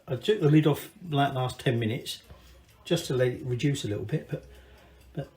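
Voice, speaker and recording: A man's voice: mid-range voice, normal speed, a little mellow. A Scottish man hosting a casual cooking video, rambling and swearing cheerfully as he talks through a recipe in his home kitchen. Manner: chatty, rambling, sweary asides. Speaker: cooking channel host. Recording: echoey room.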